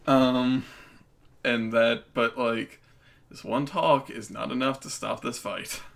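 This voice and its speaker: A man co-hosting a casual TV recap podcast, relaxed, laughing often and using many fillers. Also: medium pitch, slow pace, vocal fry. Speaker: podcast co-host. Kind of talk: casual chat.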